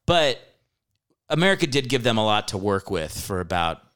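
A man's voice: on the low side, sing-song, normal speed, a bit bright, clean tone. A man in his thirties hosting a casual comedy podcast, talking animatedly, swearing freely and laughing often. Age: 30s. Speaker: podcast host.

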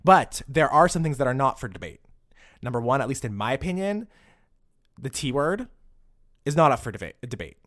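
Animated man, lively pitch, dry sound. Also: normal speed, pauses often, no echo. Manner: animated, acts out quoted voices, swears. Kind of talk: casual chat.

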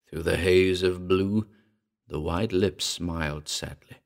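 A man narrating a ghost story in a measured, dramatic reading. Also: sits low, fairly even intonation, creaky. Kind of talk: scripted audiobook narration.

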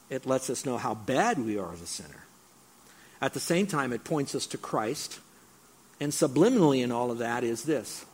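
A middle-aged male pastor preaching an expository sermon, animated, with voiced asides and emphatic repetition. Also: medium pitch.

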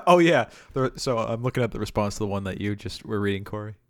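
A man's voice: fairly low pitch, brisk, dry recording, studio quality. A man co-hosting a casual podcast chat, cracking goofy jokes and asides. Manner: joking, goofy asides, lively intonation. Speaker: podcast co-host.

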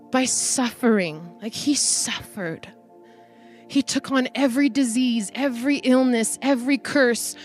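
A woman pastor in her thirties giving an animated sermon, emphatic and excited. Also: fairly high pitch.

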